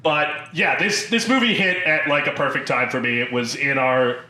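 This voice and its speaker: A man's voice: mid-range voice, normal speed, bright, forceful tone, reverberant. A man in his twenties co-hosting a podcast, chatting casually with exasperated, swearing asides. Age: 20s. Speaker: podcast co-host. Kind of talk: casual chat.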